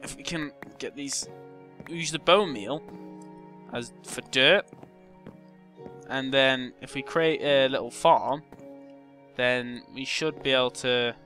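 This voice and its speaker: With music in the background, a young man gives casual commentary on a game he's playing as a gaming YouTuber. His mid-range voice has a sharp tone, and he's chatty and self-mocking, humming and muttering to himself as he goes.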